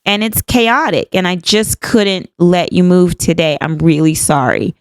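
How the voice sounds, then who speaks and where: A woman's voice: on the low side, unhurried, no echo. A woman in her fifties, a podcast host, candidly retelling a personal story and acting out both sides of the dialogue. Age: 50s.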